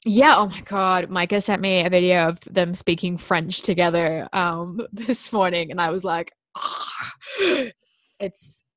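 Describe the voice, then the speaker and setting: A woman's voice: on the low side, steady tone, normal speed, few pauses, a bit bright, no echo. A young woman co-hosting a casual chat, bubbly and full of fillers. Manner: bubbly, laughs often, fillers.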